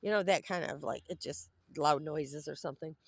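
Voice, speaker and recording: A woman's voice: low-pitched, normal speed, no echo. Cranky woman venting outdoors. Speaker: vlogger. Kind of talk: casual rambling monologue to camera. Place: outdoors by a pond with ducks.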